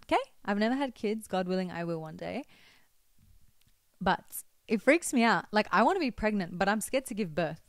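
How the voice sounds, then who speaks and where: A young woman talking to camera in a chatty, expressive way, giving faith-based advice with teasing asides to her viewers. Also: medium pitch, dry recording. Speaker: vlogger.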